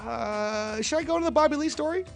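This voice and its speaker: A young man with a high voice tells stories on a radio show in loose, slangy, laid-back chat. He laughs often as he talks. Faint music plays behind him. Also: fast talker, creaky. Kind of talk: casual chat.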